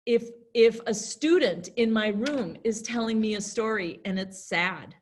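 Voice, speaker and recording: A middle-aged American woman teaching a class in a lively, chatty way, acting out little scenes as she explains. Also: mid-range voice. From United States. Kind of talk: classroom lesson talk.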